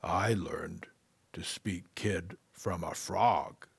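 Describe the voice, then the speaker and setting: A man reading a storybook and voicing a wise, playful talking tree in whispered role-play, low and gentle. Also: drawn-out words, gravelly, breathy edge, dry recording, exaggerated voice. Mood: patient.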